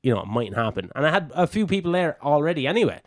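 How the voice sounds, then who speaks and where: Young Irish wrestler, podcast guest, loose and profane anecdotes, dry close mic. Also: male voice, a little high, fast, no echo. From Ireland. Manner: swears freely, animated anecdotes. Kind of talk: casual storytelling.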